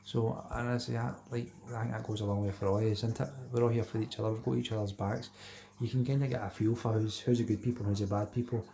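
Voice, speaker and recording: This is a middle-aged Scottish host on a live stream who reads out viewer comments, chats in a relaxed way, repeats himself and calls everyone mate. His fairly low voice barely moves in pitch, comes out fast, and is mellow with vocal fry.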